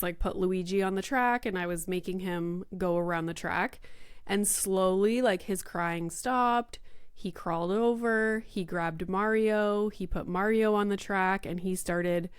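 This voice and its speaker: A young woman hosting a podcast, telling a story in casual chat full of "like" and "you know", quoting herself in lively voices. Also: mid-range voice, clear, resonant tone, no echo, studio quality. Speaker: podcast host.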